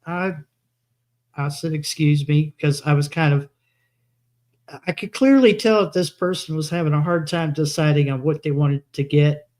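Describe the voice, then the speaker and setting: A man's voice: fairly high pitch, moderate pace, darkish tone. A man telling long rambling anecdotes in a casual live chat, quoting himself as he goes. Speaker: co-host.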